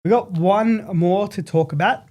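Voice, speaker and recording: A man's voice: sits high, unhurried, a little mellow. An Australian man hosting a podcast in enthusiastic, jokey casual chat. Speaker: podcast host.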